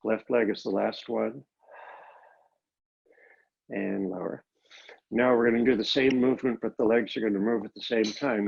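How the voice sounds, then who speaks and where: Gravelly man leading a Pilates class. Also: fairly low pitch, dull audio. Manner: calm, step-by-step cueing. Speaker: Pilates instructor. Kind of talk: guided exercise class instruction. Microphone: laptop microphone.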